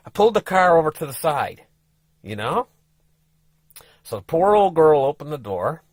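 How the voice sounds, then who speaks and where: A man's voice: a little high, very animated, moderate pace, pauses often, darkish tone, no echo. A folksy man spins a rambling story, his voice rising and falling a great deal. He talks to his viewers with asides and restarts, and the sound is dry and close. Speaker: travel vlogger. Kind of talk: casual storytelling.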